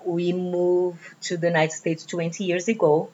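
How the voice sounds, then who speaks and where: A middle-aged woman from Brazil speaks English with a clear Brazilian Portuguese accent, lively and chatty with a self-deprecating streak. Her voice sits low for a woman. The recording sounds dull and lo-fi. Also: normal speed. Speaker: franchise business owner. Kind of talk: casual interview.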